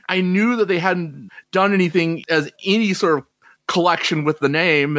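A man's voice: on the high side, fairly quick, fairly bright tone, dry recording. A man co-hosting a podcast, chatting casually about old chart songs with asides. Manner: chatty, conversational, trails into asides. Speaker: podcast co-host.

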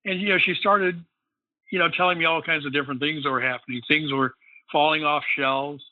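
A man's voice: fairly high pitch, steady tone, fairly quick, dry recording. Man telling a story over a phone line. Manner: rambling, frequent "you know" fillers. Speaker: guest. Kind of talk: casual storytelling.

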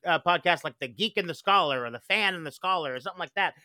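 Male podcast co-host, excitable and chatty, bright tone, dry close mic. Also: sits high, quick pace, no room sound. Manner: enthusiastic, chatty, many restarts. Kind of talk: casual podcast chat.

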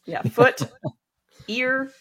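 A woman's voice: high voice, expressive, drawn-out words, a bit bright. Laughing woman reading aloud wryly. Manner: wry, laughs often while reading. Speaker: podcast host. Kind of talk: casual chat, reading aloud from a book.

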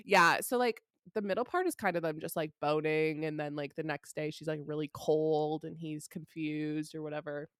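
A woman co-hosting a podcast, recapping a book in casual chat, filling her talk with "like" and telling it with animated energy. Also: low voice, normal speed, few pauses, dry recording, studio quality. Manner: chatty, heavy use of "like" fillers; animated storytelling. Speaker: podcast co-host.

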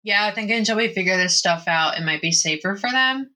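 A woman's voice: mid-range voice, expressive, fairly quick, bright, forceful tone, low-quality recording. A young woman playing in a tabletop game, chatting in a playful, slangy way. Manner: playful, slangy, laughs easily. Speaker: player. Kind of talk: casual tabletop game chat.

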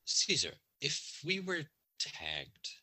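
A man's voice: a little high, wildly swooping pitch, takes it slowly, sharp tone, husky, no echo. A man playing a tabletop game, speaking hesitantly and repeating words. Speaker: player.

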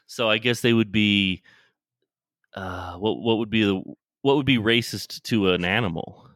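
A man co-hosting a casual podcast, talking in a hesitant, halting way with lots of ums. His voice sits mid-range and sounds dry and close. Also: on the low side, a bit bright, dry recording. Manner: hesitant, many fillers and restarts. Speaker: podcast co-host. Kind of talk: casual chat.

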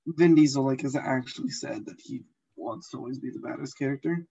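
A man's voice: medium pitch, fairly quick, creaky, mellow, slightly rough. Blunt man on a dull lo-fi mic. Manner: blunt, swears casually. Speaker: podcast co-host. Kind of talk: casual movie chat.

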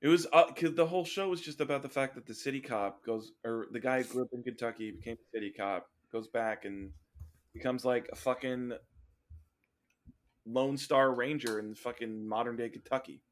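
A man's voice: medium pitch, normal speed. A man co-hosting a podcast in casual chat, easygoing and agreeable, with lots of fillers. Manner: chatty, filler-heavy, agreeable. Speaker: podcast co-host.

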